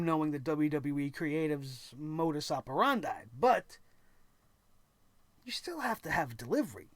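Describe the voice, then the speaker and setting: Sarcastic, high-voiced male wrestling ranter. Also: smooth, no echo. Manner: sarcastic, exasperated ranting with mocking impressions. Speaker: wrestling show host. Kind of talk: opinionated recap commentary.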